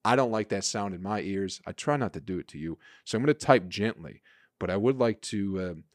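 A man's voice: on the low side, animated, brisk, no room sound, clean studio sound. A man hosting a casual solo podcast, rambling and swearing in an exasperated way. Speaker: podcast host.

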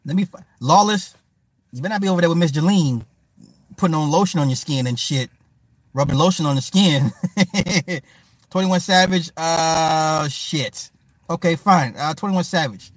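On a livestream, a man riffs casually with loose, profane jokes, talking to viewers and chat by name as he answers them. His voice is on the high side and a little slow, recorded with no room sound.

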